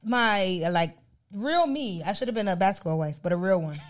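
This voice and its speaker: A young woman co-hosting a laid-back podcast, chatting with a friend. Her pitch swings widely and she leaps up high for emphasis. She laughs a lot and keeps the tone playful. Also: expressive, fairly quick. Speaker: podcast co-host. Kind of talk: casual chat.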